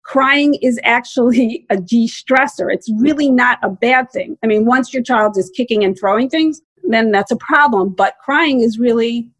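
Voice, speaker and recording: A woman's voice: on the high side, normal speed, few pauses, no echo. A woman in her forties, a parenting expert guest, explaining earnestly in an interview and repeating her key points. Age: 40s. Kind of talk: interview answers.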